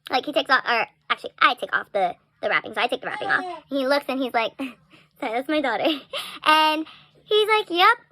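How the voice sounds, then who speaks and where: A young woman chats her way through a story on a casual vlog, lively and animated, dropping lots of "like" and little laughs. Her voice sits high and she talks a little fast.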